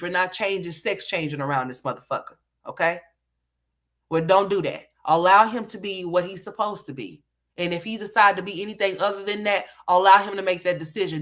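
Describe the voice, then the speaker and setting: A woman's voice: fairly low pitch, fairly bright tone. A woman giving livestream commentary, ranting bluntly with lots of profanity.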